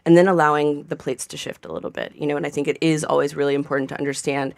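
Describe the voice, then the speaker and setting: A woman's voice: sits low, level tone, racing, creaky, no room sound. A woman chef talking casually on a radio panel, rambling with plenty of fillers. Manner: chatty, rambling with many fillers. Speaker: chef guest. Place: radio studio.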